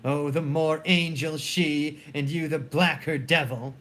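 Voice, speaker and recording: A man's voice: on the high side, steady tone, measured pace, a bit bright, pitched below the performer's own voice. A man reading the part of a loyal, outspoken waiting-woman in a dramatic play reading, delivering urgent, accusing outbursts.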